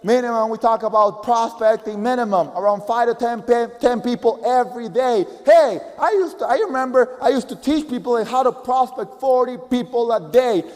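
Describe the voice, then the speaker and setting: A man with a Spanish accent, a native Spanish speaker, giving an energetic, emphatic and repetitive motivational speech as a business coach. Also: very high voice, moderate pace, few pauses, long reverb tail.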